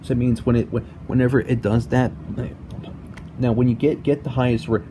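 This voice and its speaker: A young man explaining a music game tutorial in a halting way, repeating words and filling with "basically" and "like", recorded on a laptop mic at home. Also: medium pitch, little pitch movement, noisy background. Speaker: tutorial maker. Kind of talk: casual screen-recorded tutorial.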